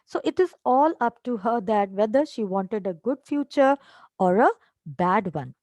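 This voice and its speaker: A woman's voice: on the high side, expressive, a little slow, mellow, no room sound. A woman, explaining a play line by line to a class, with fillers and tag questions. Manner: reads a line, then explains it, switching to Hindi at times. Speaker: English teacher.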